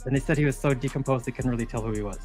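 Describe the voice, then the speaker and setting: A man's voice: medium pitch, very fast, a little mellow, soft background music. Teasing livestream co-host man. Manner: speculative, teasing. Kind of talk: casual live chat.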